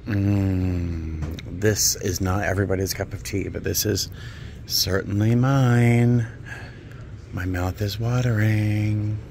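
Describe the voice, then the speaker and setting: Male vlogger, low and husky-edged, unhurried, gushing shopping commentary with soft near-whispers. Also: steady tone, a little hiss or hum. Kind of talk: casual vlog narration while shopping. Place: antique and vintage shops.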